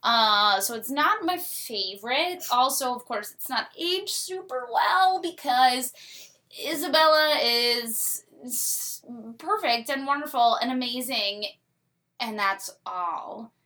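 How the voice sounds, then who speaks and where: A woman's voice: high-pitched, lively intonation, slow pace, bright, forceful tone. A young woman co-hosting a casual talk show, chatty and opinionated, with lots of filler words. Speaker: podcast co-host. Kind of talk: casual discussion.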